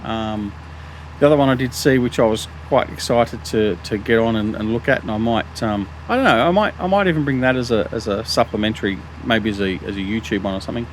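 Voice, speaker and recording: A man's voice: on the low side, a little fast, slight background noise. A middle-aged man with an Australian accent, casually talking through a farming game as host, rambling with lots of ums and restarts and poking fun at himself. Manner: rambling, many ums and restarts, self-mocking. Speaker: gaming channel host. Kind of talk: casual gameplay commentary.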